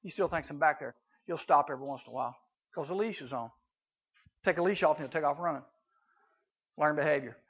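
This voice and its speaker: A man's voice: fairly high pitch, fast talker, pauses often, fairly bright tone, breathy edge. A middle-aged man teaching youth in a folksy way, telling stories with sound effects and voices. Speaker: camp speaker. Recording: dull lo-fi recording.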